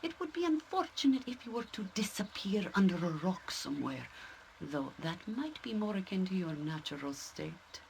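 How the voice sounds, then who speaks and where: An actress voicing a stern, sharp-tongued woman druid in a video game, curt and dry. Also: mid-range voice, very animated, normal speed, gravelly, a little hiss or hum.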